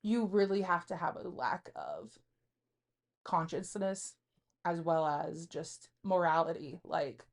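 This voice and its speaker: A woman's voice: lowish voice, lively intonation, takes it slowly. A woman in her thirties co-hosting a podcast, speaking candidly and confessionally in casual chat, rambling with frequent fillers. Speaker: podcast co-host.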